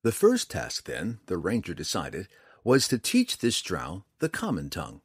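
A male narrator with a very deep voice reads a fantasy story in a measured, expressive way. His pitch swings widely, and his tone is a touch husky. The recording is dry and close. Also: no room sound. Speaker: audiobook narrator.

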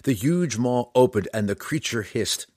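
A man narrating a fantasy adventure audiobook in an expressive, dramatic storytelling manner. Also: mid-range voice, moderate pace, husky, no echo, clean studio sound.

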